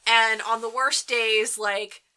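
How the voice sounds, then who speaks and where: Bright-voiced chatty woman. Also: on the high side, fairly even intonation, smooth. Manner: chatty, rambling with quick restarts. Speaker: voice actor guest. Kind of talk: casual chat.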